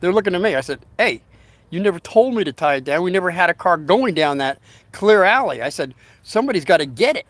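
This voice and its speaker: Slightly high-voiced rambling male storyteller. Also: lively intonation, fairly bright tone, no room sound. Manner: rambling, halting delivery with many restarts and fillers. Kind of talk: casual spoken anecdote.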